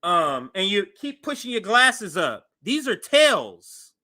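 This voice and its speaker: A man hosting a commentary show, reacting to a press briefing clip in an animated, incredulous, mocking way. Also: high voice, slow. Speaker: commentary host.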